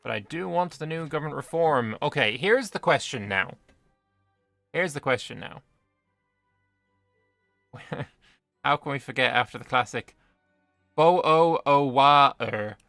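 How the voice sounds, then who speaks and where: Gravelly British man on a game stream. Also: mid-range voice, lively intonation, unhurried, pauses often, pushed and bright, no echo, faint music behind. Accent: British English. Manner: banter with chat, swearing. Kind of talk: gaming livestream commentary.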